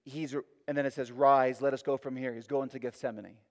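Preacher in a long-reverb hall. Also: male voice, mid-range voice, level tone, brisk, few pauses. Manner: emphatic, rising and falling, repeating phrases for effect. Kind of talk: sermon.

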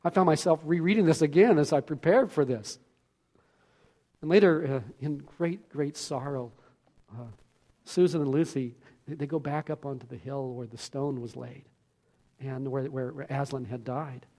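A man's voice: medium pitch, normal speed, warm tone. A man preaching a sermon, telling a story earnestly and often repeating words.

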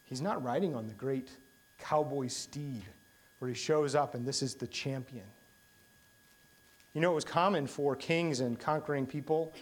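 A man's voice: medium pitch, normal speed. A man preaching a sermon, telling stories with humor and rising to sudden bursts of emphasis. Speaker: pastor.

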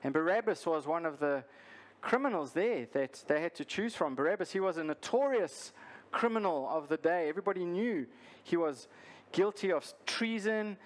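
A male pastor preaching a sermon, earnest and deliberate, repeating his key lines for emphasis. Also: a little high, animated.

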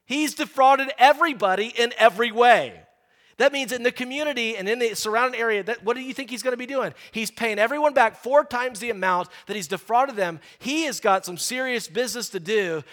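A man preaching a sermon, lively and animated, acting out the people in the story. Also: extremely high pitch, normal speed. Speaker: pastor.

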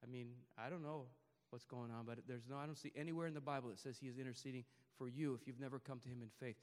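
A man preaching a sermon to his congregation, rising to loud emphatic peaks and dropping to quiet, hushed passages. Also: medium pitch, steady tone, quick pace, long reverb tail. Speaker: pastor. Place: church service before a congregation.

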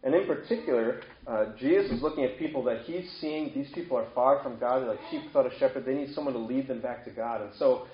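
A man's voice: mid-range voice, quick pace, few pauses. A man preaching a sermon in a conversational way, asking his listeners a string of questions. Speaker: pastor. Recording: echoey room, dull lo-fi sound.

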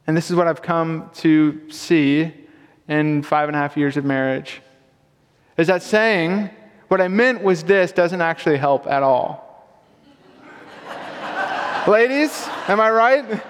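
A man's voice: fairly high pitch, lively intonation, slow, pauses often. A young man preaching a sermon as a pastor, casual and conversational with self-deprecating humor. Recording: long hall reverb.

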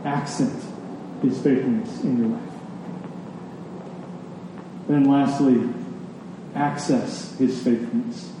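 A man's voice: medium pitch, fairly even intonation, takes it slowly, pauses often, noisy background. A man preaching a sermon as a pastor, emphatic and rhythmic, leaning on key words. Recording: echoey hall, distant mic.

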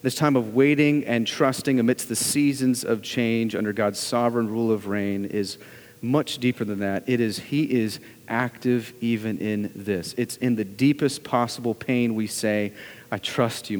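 A man preaching a sermon as a pastor, earnest and full of rhetorical questions, moving between loud urging and hushed, low passages. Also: steady tone, normal speed, in a large hall.

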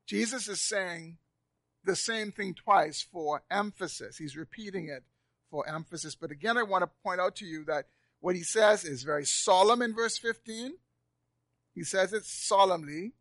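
A high-pitched pastor preaches to a live congregation in a church sanctuary, sinking to near-whispers before rising loud again and repeating phrases for emphasis. He keeps a moderate pace, and the recording is close and dry with no echo.

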